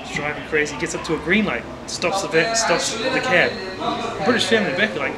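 A man casually telling a joke in a relaxed storytelling manner, over loud crowd noise. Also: a little high, fast, recorded from a distance, loud music behind the voice.

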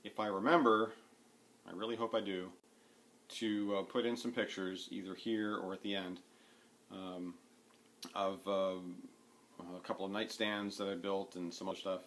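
A man with a slightly low voice talks to camera from his home, wandering from point to point and filling gaps with "uh" and "um". He sounds relaxed and chatty, as in a casual needlework vlog. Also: normal speed, long pauses. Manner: rambling, many fillers and restarts. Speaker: needlework vlogger. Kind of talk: casual rambling chat to camera. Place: at home, sitting indoors.

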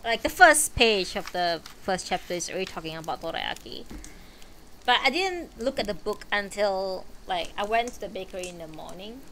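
A woman streaming a book reading, chatting in a relaxed, rambling way between chapters. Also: mid-range voice, moderate pace, a little hiss or hum. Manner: relaxed, chatty and rambling, with frequent fillers and asides. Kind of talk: book reading and casual chat.

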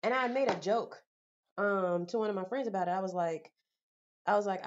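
A woman's voice: medium pitch, normal speed. A young woman vlogging, venting bluntly and with exasperation, full of casual slang. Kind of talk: candid vlog monologue. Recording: slightly dull lo-fi audio.

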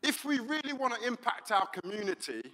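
A man, a pastor preaching a sermon in a church and telling the story in an animated way, with many fillers. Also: extremely high pitch, brisk. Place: church hall. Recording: reverberant church hall.

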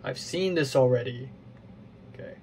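A man's voice: medium pitch, normal speed, darkish tone, a little hiss or hum. A man hosting his own gaming video, thinking aloud and muttering to himself as he works through a puzzle, often mocking himself. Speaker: gaming channel host. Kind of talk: playing a puzzle game while thinking aloud.

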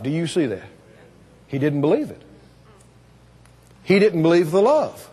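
Male revival preacher, high and lively voice, long hall reverb. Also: measured pace, pauses often, breathy edge. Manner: emphatic, call-and-response with the congregation. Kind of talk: revival sermon. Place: church or meeting hall.

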